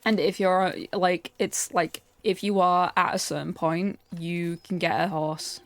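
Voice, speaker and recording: A young woman streaming a game, chatting casually and excitably, often ranting and laughing. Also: on the low side, unhurried. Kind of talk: casual live-stream chat while playing.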